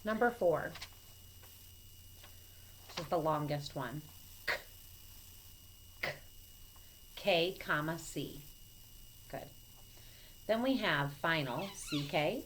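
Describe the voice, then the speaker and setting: Slow, patient woman teaching phonics. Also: low voice, big pitch swings, fairly bright tone, slight background noise, low-quality recording. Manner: slow, patient and clearly enunciated. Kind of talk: recorded phonics lesson for children. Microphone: camera mic.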